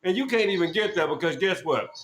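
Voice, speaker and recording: A man hosting a podcast, loudly mocking someone on a group call and repeating his insults over and over. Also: high voice, lively intonation, fast, roomy sound. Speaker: podcast host. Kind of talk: heated argument on a group call.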